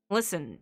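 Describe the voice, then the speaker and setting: A woman's voice: high-pitched, pushed and bright. A woman streamer in a casual, rambling chat, often breaking into laughter.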